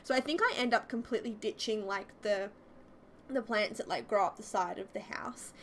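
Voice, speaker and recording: A woman casually talking over a video, fast and chatty with lots of fillers, giggly and self-deprecating. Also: mid-range voice, slight background noise. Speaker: YouTuber.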